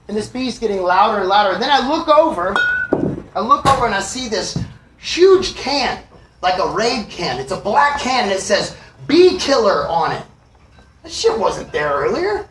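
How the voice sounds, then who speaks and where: A middle-aged man tells a confessional story to a live audience, cursing freely and swinging between loud outbursts and hushed asides. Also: sits high, very animated, a little fast, a little hiss or hum. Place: live music venue. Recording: echoey live room, from far off.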